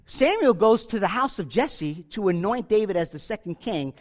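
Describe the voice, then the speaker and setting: A man preaching a sermon, animated and conversational, acting out quick voices for the people in his Bible stories. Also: high voice. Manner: animated, acts out voices of biblical figures. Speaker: pastor.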